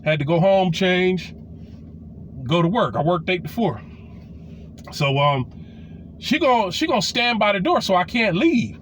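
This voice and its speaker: A man in his forties tells a raunchy personal story as a casual storytime monologue, loose and profane, full of fillers and restarts. His high-for-a-man voice swings widely in pitch when animated; he's unhurried and pauses often. A faint hiss runs underneath.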